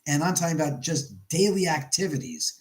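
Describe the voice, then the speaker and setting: Middle-aged male livestream host, slightly high voice, rambling and chatty, streaming from home. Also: sing-song, a little fast, rough recording. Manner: rambling storyteller, reads chat aloud. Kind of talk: casual livestream chat. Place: his house, indoors.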